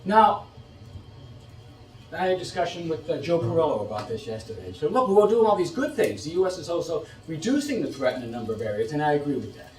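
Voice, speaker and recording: A man's voice: on the high side, fast, recorded from a distance. Middle-aged man lecturing in an echoey room. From United States. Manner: animated, rhetorical questions, repeats phrases. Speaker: policy expert giving a talk. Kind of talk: lecture to an audience.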